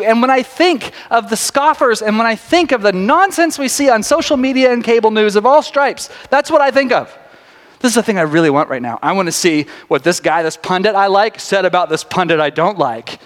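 A man preaching a sermon to a congregation in a church sanctuary, talking fast and chatty, cutting himself off and restarting. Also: very high voice, expressive, fairly bright tone. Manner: fast, chatty and self-interrupting, often laughing. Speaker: pastor. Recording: long reverb of a large sanctuary.

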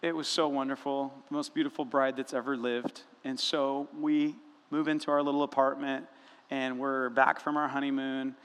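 Animated pastor, man preaching in a reverberant hall. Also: mid-range voice, clear, resonant tone. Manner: animated humorous storytelling. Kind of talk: sermon. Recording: long reverb of a large room.

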